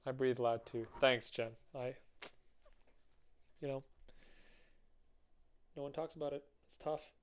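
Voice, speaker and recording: A young man casually chatting with viewers while drawing on a live stream, relaxed and joking, his heavy breathing audible on a close mic. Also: mid-range voice, slow pace, pauses often, clear, resonant tone.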